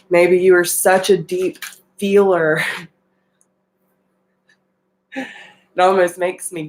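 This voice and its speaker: A woman's voice: lowish voice, slight background noise, poor audio. A woman giving an earnest, emotional tarot reading and talking straight to her viewers. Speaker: tarot reader.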